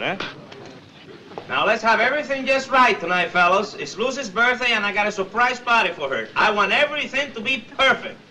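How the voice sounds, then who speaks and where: An actor playing an eager bandleader husband in a 1950s sitcom, giving brisk directions. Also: male voice, sits high, pushed and bright.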